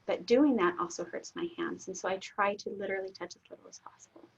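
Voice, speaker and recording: A middle-aged woman, a guest in an interview, telling a personal story candidly, laughing often and getting suddenly loud. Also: mid-range voice, fast, creaky, a little hiss or hum. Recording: dull lo-fi audio.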